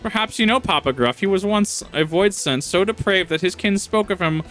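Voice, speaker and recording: A man's voice: high-pitched, normal speed, a bit bright, soft background music, pitched above the performer's own voice, poor audio. A man voicing a scheming pumpkin-headed witch in a game, using a pompous villain voice rather than a female one. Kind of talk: reading game dialogue aloud.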